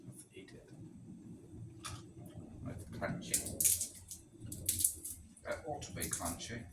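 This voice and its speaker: Slow and expressive, a low-pitched male cooking vlogger rambles through casual chat with wry asides as he cooks at the gas stove of a rental kitchen. You can hear a pot boiling, and the audio sounds roomy and noisy, captured from a distance.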